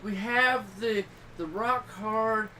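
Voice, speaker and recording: A middle-aged man hosting a podcast, chatting casually and telling rambling stories with sudden loud bursts. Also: high voice, takes it slowly, recorded from a distance, low-quality recording. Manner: rambling, animated storytelling with loud outbursts. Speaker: podcast host. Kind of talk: casual chat. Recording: voice a little off-mic with clear background noise.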